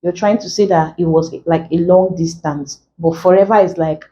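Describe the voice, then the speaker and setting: Slow-explaining woman teacher, dull sound. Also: lowish voice, steady tone, mellow, slight background noise. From Nigeria. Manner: explains slowly, repeats key phrases, frequent "like" fillers. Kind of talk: exam-prep lesson.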